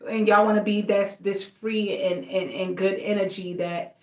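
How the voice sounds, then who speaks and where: A woman's voice: mid-range voice, steady tone, measured pace, darkish tone, dull audio. A woman giving a casual astrology reading, talking to viewers in a loose, slangy, rambling way. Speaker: astrology reader. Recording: roomy echo.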